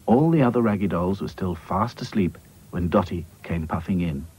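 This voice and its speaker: A man narrating a children's cartoon in a gentle, unhurried storytelling manner. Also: low-pitched, slight background noise, low-quality recording.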